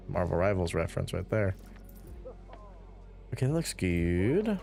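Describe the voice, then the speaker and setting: A man's voice: sits low, very animated, moderate pace, vocal fry, pauses often, mellow, soft background music. A man streaming a building game, rambling casually and reading viewer chat aloud between giggles.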